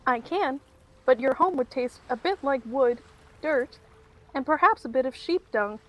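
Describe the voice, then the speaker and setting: A woman voicing a calm, smiling male bartender who makes cryptic, polite offers. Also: high-pitched, unhurried, voice pushed up, poor audio. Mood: amused.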